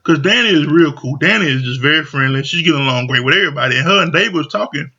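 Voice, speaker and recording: A man's voice: a little high, expressive, rapid-fire, bright, forceful tone, slightly rough. A man casually recapping a reality show, talking loosely with lots of slang and fillers. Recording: dull lo-fi audio.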